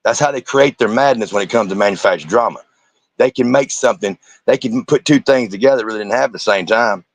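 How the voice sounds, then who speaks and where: A man's voice: fairly low pitch, quick pace, no room sound. A man, a streamer giving angry, profane reaction commentary and confronting the people in the clips.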